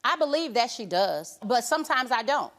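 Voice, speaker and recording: A woman's voice: a little high, big pitch swings, a bit bright. A middle-aged woman, a grandmother and talk show guest, insistent and defensive as she explains herself. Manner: defensive, insistent, rapid and repetitive. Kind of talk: emotional talk show confrontation.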